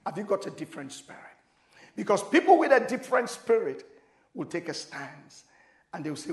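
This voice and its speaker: A man with a high voice delivers a sermon, dropping into quiet, intimate asides before bursting into shouted prayers. He acts out the scripture with dramatic voices. The sound rings with the echo of a church hall. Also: big pitch swings, normal speed. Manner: preaching with sudden shouted prayers and dramatic voicing of quotes; switches between loud exclamations and quiet, intimate asides. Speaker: pastor.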